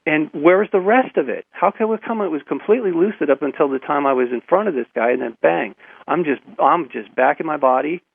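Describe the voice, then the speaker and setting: Man, halting storyteller, gravelly husky voice, tinny phone line, dry sound. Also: on the high side, dry recording. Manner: halting, repeats words, chuckles often. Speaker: guest. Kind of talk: personal storytelling in a radio interview.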